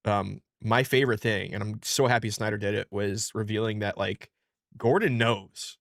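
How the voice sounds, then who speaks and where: A man's voice: on the low side, fairly even intonation, normal speed, creaky, fairly bright tone, no echo, studio quality. A man co-hosting a comics podcast, rambling in a laid-back way and swearing freely. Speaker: podcast co-host. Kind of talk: casual comics podcast chat.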